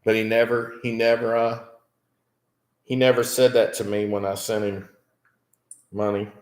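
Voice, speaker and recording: Low-voiced american guy rambling a story to his stream chat, lots of swearing and ums. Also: level tone, a little slow. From United States. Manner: rambling, profane, with frequent fillers. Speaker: vlogger. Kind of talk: casual storytelling to a live chat.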